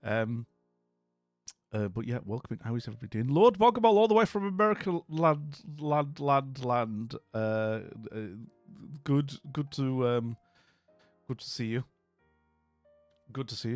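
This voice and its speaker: Casting: tired, chatty male streamer, animated and fairly high, dry close mic. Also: fairly quick, long pauses, no echo, soft background music. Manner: chatty, jokey, rambling with fillers and restarts. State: tired and dopey. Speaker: livestream host. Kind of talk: casual live-stream chat greeting viewers.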